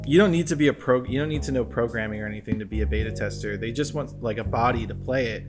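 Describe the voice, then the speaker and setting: A man's voice: medium pitch, fast, over music. A man co-hosting a casual bar chat, talking loosely with many restarts and fillers. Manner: chatty, lots of likes and restarts. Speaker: co-host.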